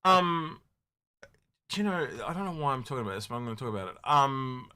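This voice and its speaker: A man co-hosting a casual podcast, rambling and animated with many restarts. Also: mid-range voice, brisk, smooth. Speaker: podcast co-host. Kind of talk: casual chat.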